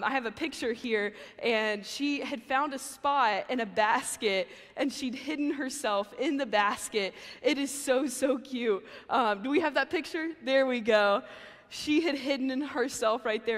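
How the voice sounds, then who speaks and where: A young woman giving a casual chapel sermon, chatty and full of fillers. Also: on the high side. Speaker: chapel speaker. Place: university chapel. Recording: long hall reverb.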